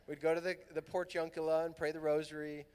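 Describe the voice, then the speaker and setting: A middle-aged man from Southern California telling a lively personal story at a youth conference, acting out the voices in his dialogue. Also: a little high, fast, smooth. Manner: animated, acts out quoted dialogue. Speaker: priest and conference speaker. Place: large fieldhouse hall. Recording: long hall reverb.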